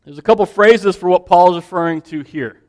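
High-voiced pastor in a reverberant hall. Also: male voice, a little fast. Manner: conversational, animated, with frequent restarts and asides to the congregation. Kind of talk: sermon. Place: church.

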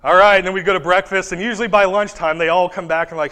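A young man preaching a sermon and telling a personal story, swinging between hushed and loud delivery. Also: high voice, steady tone, quick pace, big-room sound.

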